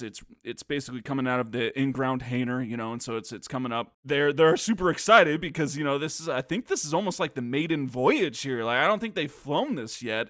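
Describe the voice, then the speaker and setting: A man's voice: mid-range voice, fairly bright tone, no room sound, clean studio sound. A man co-hosting a casual video game podcast, chatting loosely and acting out characters' lines in exaggerated voices. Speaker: podcast co-host.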